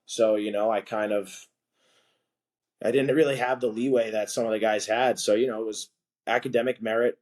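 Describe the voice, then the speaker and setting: A man's voice: fairly low pitch, fairly even intonation, moderate pace, darkish tone. A young man telling a story as a podcast guest, rambling and filling his talk with "like". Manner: rambling, heavy on filler "like". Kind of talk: casual storytelling.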